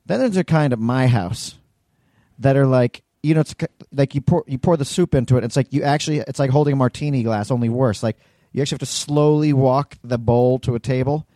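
A man's voice: mid-range voice, a little fast, dark tone, no room sound, studio quality. A man co-hosting a casual podcast chat, joking crudely and teasing his partner. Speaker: podcast co-host.

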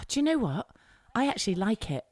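A woman chatting casually, laughing often and telling animated stories. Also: mid-range voice, moderate pace, dry recording, clean studio sound. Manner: giggly, animated storyteller. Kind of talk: casual chat.

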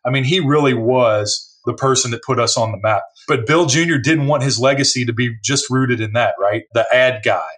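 A man's voice: medium pitch, normal speed, few pauses. A man who works as a distiller, telling stories conversationally and acting out what other people said. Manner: animated storyteller, acts out other people's lines. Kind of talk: conversational storytelling.

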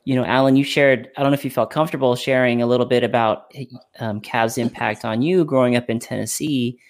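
A man's voice: medium pitch, steady tone, a little fast. A man hosting a casual interview podcast, eagerly prompting his guests with questions. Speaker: podcast host.

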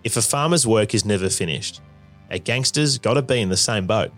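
Low-voiced male documentary narrator. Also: a little fast, fairly bright tone, soft background music. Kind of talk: scripted narration.

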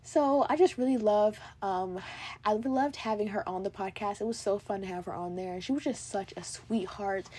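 A woman's voice: mid-range voice, mellow, husky. A young woman with an American accent hosting her own podcast, gushing and chatty, full of "like" and "literally". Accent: General American. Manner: bubbly, gushing, lots of "like" and "literally". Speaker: podcast host. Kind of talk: casual solo podcast chat.

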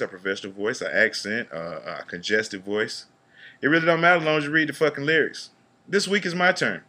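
Man, podcast co-host, bright forceful voice, loose and profane delivery. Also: medium pitch. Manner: loose and profane, reading lyrics aloud in a flat drawl. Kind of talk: casual podcast chat.

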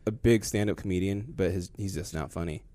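A man's voice: low-pitched, brisk, mellow, no echo. A man chatting casually on a podcast, rambling and often trailing off, laughing a lot. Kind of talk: casual chat.

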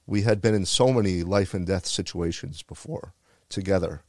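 A retired firefighter from the Bronx tells a heartfelt story about his life, speaking earnestly and repeating phrases. His voice sits low and is a little mellow at a normal speed. The studio-quality audio has no room sound.

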